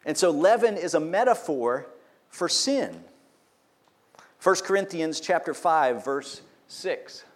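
Man, pastor, sermon, teaching tone, slightly high pitch. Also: very animated, slow. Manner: teaching, asks the congregation questions.

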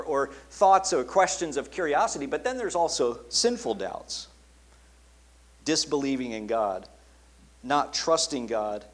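A male pastor preaching a sermon with a husky, slightly breathy voice at a middle pitch. He talks earnestly and sinks to soft, quiet tones for quoted words. The delivery is steady and heartfelt.

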